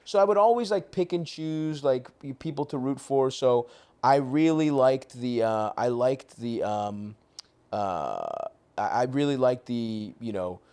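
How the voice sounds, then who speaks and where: A man in his thirties from Baltimore hosting a podcast in a studio, talking in rapid, profane, animated rants. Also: medium pitch, clean tone. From Baltimore, USA. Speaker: podcast host. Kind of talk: casual chat.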